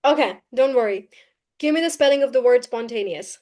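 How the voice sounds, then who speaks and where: A woman teaching a live online class, brisk and coaxing, often repeating key phrases. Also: on the high side, a little mellow. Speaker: English teacher.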